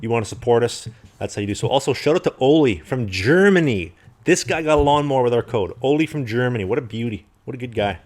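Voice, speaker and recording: A man's voice: mid-range voice, expressive, quick pace, few pauses, a little mellow. A young man co-hosting a podcast who jokes around and reads the sponsor plug in a hyped-up way. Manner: joking, hypes the sponsor. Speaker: podcast co-host. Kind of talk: casual chat with ad read.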